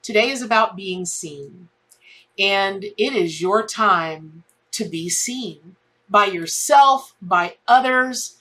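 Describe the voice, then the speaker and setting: Middle-aged woman reading tarot, mid-pitched, chatty and heartfelt, talks in loops with many restarts. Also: expressive, takes it slowly, a bit bright. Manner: rambling, heartfelt, repeats herself and restarts often. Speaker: tarot reader. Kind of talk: casual spoken tarot reading.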